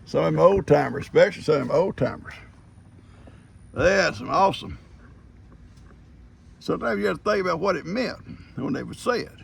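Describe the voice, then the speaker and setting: An older man, chatting as a farm vlogger outdoors on his farm, folksy and quick to chuckle. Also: fairly high pitch, expressive, slight background noise. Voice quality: gravelly. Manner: folksy storyteller, chuckles often. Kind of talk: casual rambling chat.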